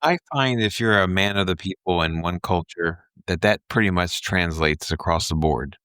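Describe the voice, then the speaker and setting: A nasal man with a Mid-Atlantic accent and a twangy Texas edge, whose voice has gone quieter since his surgery. He speaks low and easy in casual podcast talk, laughing now and then. The sound is close and dry, with no room around it. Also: smooth, no echo. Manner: laughs often, unhurried and reflective. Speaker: podcast host. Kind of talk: casual chat.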